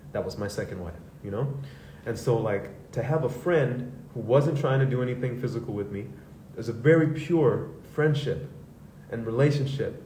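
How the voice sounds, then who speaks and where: A man hosts a live talk, speaking loosely and frankly, swearing now and then. His voice is mellow and darkish, heard from some distance in an echoey room. A faint hiss sits behind it. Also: mid-range voice. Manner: loose, conversational, swearing, acts out quoted voices. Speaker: host. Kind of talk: candid personal talk to a live audience.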